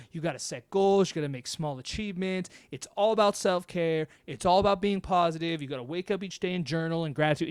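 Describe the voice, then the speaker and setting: A man's voice: high-pitched, clear, resonant tone. A young man hosting his own show, talking bluntly and with swearing in a fired-up motivational monologue. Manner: blunt, profane, animated. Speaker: host.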